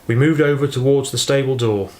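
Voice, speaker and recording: A man narrating a novel in a measured storytelling reading. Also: medium pitch, a little mellow. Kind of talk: audiobook reading. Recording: roomy echo.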